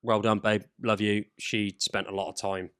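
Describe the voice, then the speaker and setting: Telling stories in casual podcast chat, a male co-host is an animated narrator who swears and acts out the people he quotes. He speaks at a normal speed in a smooth, fairly low voice.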